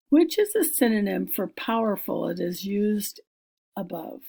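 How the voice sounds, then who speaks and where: A woman's voice: medium pitch, creaky, dark tone, slightly rough. A woman teacher giving a recorded reading lesson, patiently explaining each word step by step and thinking aloud as she works through the page.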